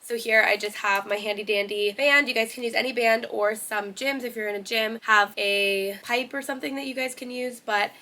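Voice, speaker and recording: A woman's voice: a little high, steady tone, normal speed, few pauses, bright, forceful tone. Friendly young woman coaching a workout. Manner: friendly, instructive, chatty. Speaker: fitness coach. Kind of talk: workout tutorial with voice-over. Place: home basement gym.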